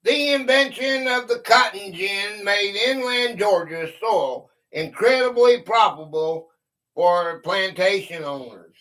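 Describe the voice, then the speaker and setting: Slow-talking man hosting a live quiz stream. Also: sits high, fairly bright tone, rough recording. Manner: drawling, chuckles at his own stumbles. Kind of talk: casual live game stream, reading quiz questions.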